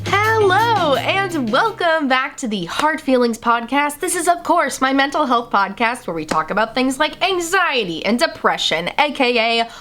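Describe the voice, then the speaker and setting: A young adult woman hosts her own podcast in a loose, conversational monologue. Her voice sits fairly high and swings up and down as she talks. She pokes fun at herself as she goes. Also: moderate pace, few pauses, music in the background. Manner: chatty, self-deprecating, animated swings in pitch. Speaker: podcast host. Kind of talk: casual solo podcast monologue.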